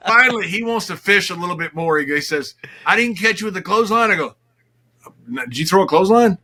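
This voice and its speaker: An older man with a drawl, his voice bright and cutting and pitched a little high. He tells stories in a loose, laughing way and slips into quoted voices of the people in them. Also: fast. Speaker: guest. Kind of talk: casual storytelling chat.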